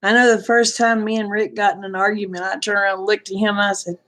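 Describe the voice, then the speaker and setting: A woman's voice: mid-range voice, flat delivery, fast talker, fairly bright tone. A woman hosting a casual livestream, greeting viewers by name and telling frank personal stories with frequent laughter. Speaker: livestream host chatting with viewers. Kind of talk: casual chat, storytelling.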